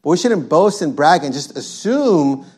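A man's voice: a little high, big pitch swings, measured pace, a little mellow, husky. A male preacher delivering an emphatic sermon, reading scripture and driving points home by repeating them. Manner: emphatic, repetitive, quotes scripture.

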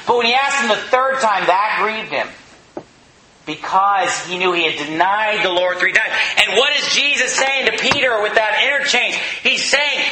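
A man's voice: sits high, moderate pace, echoey room, background noise. A man preaching a sermon in an emphatic, conversational way, asking the listeners questions.

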